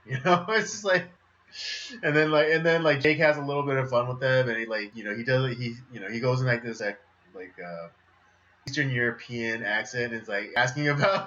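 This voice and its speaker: A man chatting on a podcast, hesitant and full of fillers. His voice is bright, but the recording sounds a little dull. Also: medium pitch, a little fast. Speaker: podcast co-host. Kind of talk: casual chat.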